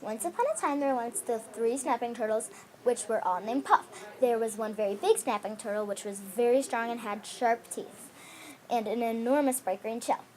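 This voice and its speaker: A woman reading her own fairy tale aloud in an expressive storybook manner. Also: a little high, normal speed.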